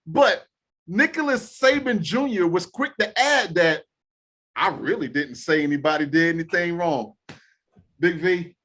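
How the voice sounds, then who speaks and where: High, bright-voiced man on a sports podcast. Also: normal speed. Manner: animated, mocking quotes. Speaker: podcast co-host. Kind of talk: casual sports talk. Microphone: remote call.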